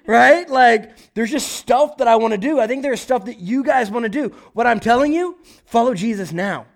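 Man, pastor, young adult, high voice, lively conversational preaching, acts out quotes. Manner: animated, conversational preaching with frequent "right?" and acted-out quotes. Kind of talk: sermon.

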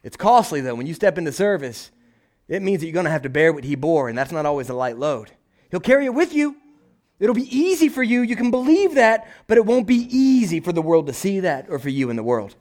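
High-voiced, animated male preacher. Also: brisk. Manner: animated preaching, acts out voices, frequent "right?". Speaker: pastor. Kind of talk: sermon.

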